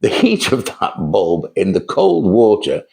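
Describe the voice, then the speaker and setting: This older man has a deep, warm voice with vocal fry, a measured pace, and pitch that swoops wildly. As host, he drifts through chatty tales of his early sales career in a casual storytelling monologue.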